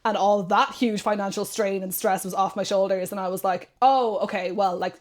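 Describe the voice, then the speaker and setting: A young Irish woman, a podcast guest, chatting casually and telling lively stories, often quoting herself and others. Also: mid-range voice, normal speed. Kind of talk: casual interview chat.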